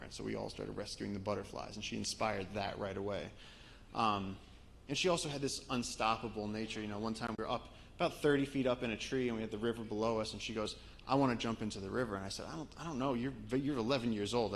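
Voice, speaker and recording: A man's voice: fairly low pitch, gravelly, slight background noise, rough recording. A man giving a storytelling talk to a live audience, sharing conversational anecdotes with frequent restarts. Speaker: guest speaker and author.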